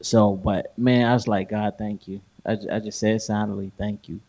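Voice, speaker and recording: A man's voice: lowish voice, steady tone, normal speed, creaky, darkish tone. A man co-hosting a podcast, telling stories in casual chat with slang, laughing often and acting out what people said. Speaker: podcast host.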